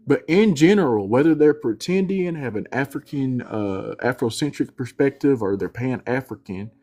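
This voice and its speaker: A man's voice: medium pitch, dark tone. A man on a live audio panel giving a blunt, sarcastic, dismissive rant. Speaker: panel commentator.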